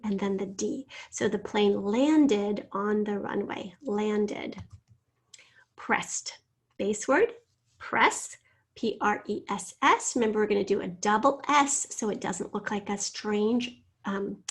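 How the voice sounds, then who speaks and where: A woman teacher giving a phonics lesson, spelling out letters and sounding out words slowly and clearly. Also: on the high side.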